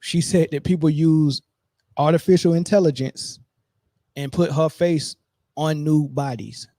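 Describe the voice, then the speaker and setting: Male podcast host, emphatic and repetitive, mellow tone, dry close sound. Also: fairly high pitch, steady tone, unhurried, dry recording. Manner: emphatic, repeats himself, keeps asking "right?". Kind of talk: casual commentary.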